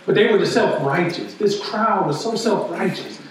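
High-voiced preacher in an echoey hall. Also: male voice, lively intonation, moderate pace. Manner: conversational preaching, frequent "right?" asides. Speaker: pastor. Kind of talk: sermon. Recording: echoey hall, distant mic.

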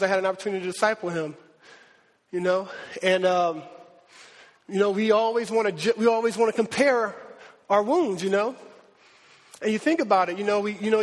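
A man's voice: sits high, long reverb tail. A man preaching a sermon as pastor, impassioned, who acts out the voices he quotes and chokes up at times.

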